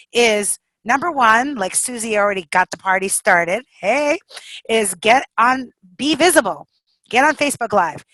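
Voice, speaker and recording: A middle-aged woman coaching a group over a video call, energetic and encouraging, with frequent laughs. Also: on the high side, no echo, poor audio. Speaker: speaking coach.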